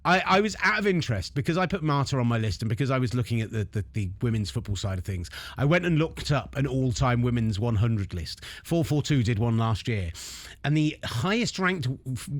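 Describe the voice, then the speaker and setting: A man hosting a sports show, bantering with excitable, theatrical outrage. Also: medium pitch, no room sound.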